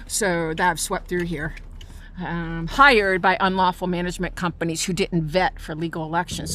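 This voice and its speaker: An indignant woman walks through her neighborhood park, recording on a handheld phone. Her voice sits at an ordinary middle pitch, with a faint hiss of outdoor noise behind it as she points things out and complains. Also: sharp tone. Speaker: resident filming her park. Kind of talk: walking tour vlog with complaints. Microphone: phone camera held while walking.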